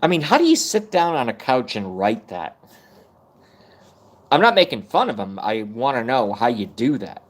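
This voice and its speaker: A man's voice: medium pitch, very animated, moderate pace. A man in his thirties ranting on a live stream, rambling and self-mocking, swearing often. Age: 30s. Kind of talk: casual rant on a live stream.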